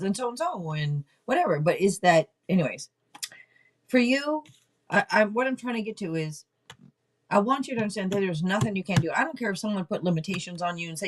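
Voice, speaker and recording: This is a woman in her forties with a mid-range voice, chatting loosely on her live tarot stream. Loud and blunt, she ribs her viewers, swears without holding back, and clears her irritated throat from time to time.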